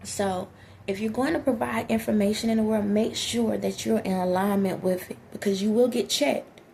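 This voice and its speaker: A woman with a soft, mellow voice and a gravelly fry talks straight to her viewers. She gives direct, preachy life advice and keeps checking that they follow her. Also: medium pitch, fairly even intonation, normal speed, a little hiss or hum. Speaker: vlogger giving life advice. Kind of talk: direct-to-camera motivational talk.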